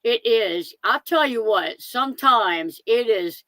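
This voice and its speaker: Bright-voiced woman hosting a casual live stream. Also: on the high side, lively intonation, slow, dry recording. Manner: chatty, greets viewers by name, repeats phrases. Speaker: van life channel host.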